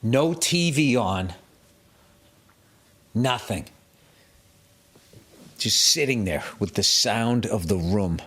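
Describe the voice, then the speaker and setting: A man's voice: on the low side, animated, takes it slowly, long pauses, fairly bright tone, husky. A middle-aged man hosting his podcast alone, ranting in a profane, self-mocking, comedic way. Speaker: podcast host. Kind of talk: solo comedic podcast rant.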